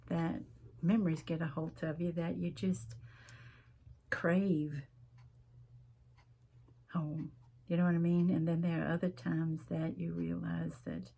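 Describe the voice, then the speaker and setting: A woman's voice: lowish voice, creaky, mellow, husky, lo-fi sound. A middle-aged woman, chatting folksily to viewers as she crafts at home and rambling between stories. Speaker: craft vlogger.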